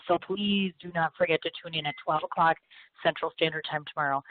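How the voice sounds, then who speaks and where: A woman in her thirties hosting a radio talk show, her voice hoarse from illness, chatty, gushing and self-mocking. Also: low-pitched, steady tone, brisk, a little hiss or hum. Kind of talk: casual chat. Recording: thin phone-line sound.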